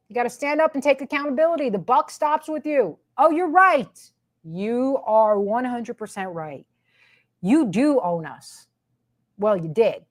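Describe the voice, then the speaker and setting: A woman's voice: high-pitched, expressive, unhurried. A woman hosting her own commentary show, ranting with sarcasm and emphatic repetition. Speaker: commentary host.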